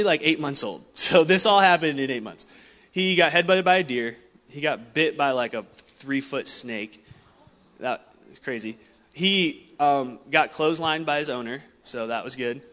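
Bright-voiced young pastor in a hall. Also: male voice, medium pitch. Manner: casual storytelling, animated, laughs often. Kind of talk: sermon with personal story. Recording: long hall reverb.

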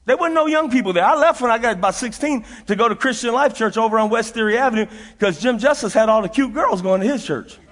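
A man's voice: very high-pitched, lively intonation, fast, hardly any pauses, fairly bright tone. A middle-aged man preaching a sermon as a pastor, telling folksy stories with frequent laughter and repeated phrases for emphasis. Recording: long reverb of a large hall.

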